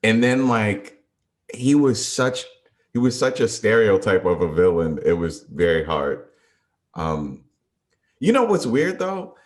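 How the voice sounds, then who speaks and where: A man with a fairly low voice talks movies in a casual podcast chat. He pauses, restarts and works his thoughts out as he goes. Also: big pitch swings. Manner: hesitant, restarts often, thinks aloud. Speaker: podcast co-host.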